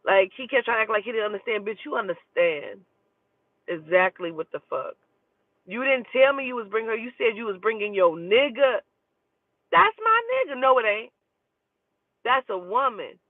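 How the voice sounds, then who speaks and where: A woman with a high-pitched voice tells a personal story in a casual, profane and animated way. The sound is tinny and phone-like, with a dry, close feel and no room echo. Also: moderate pace.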